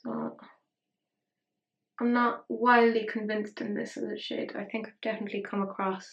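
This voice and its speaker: A woman's voice: medium pitch, fairly even intonation, moderate pace, highs cut off. A young woman talking through a makeup tutorial in a rambling, self-mocking way. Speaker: beauty vlogger. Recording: roomy echo.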